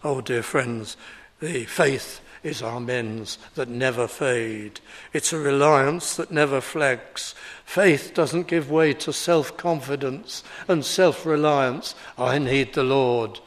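A man in his seventies preaching a sermon in a slow, deliberate, emphatic way. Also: mid-range voice.

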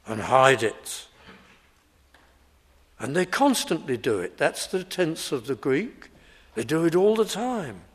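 A man preaching an expository sermon, emphatic and driving his points home by repeating key phrases. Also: a little high.

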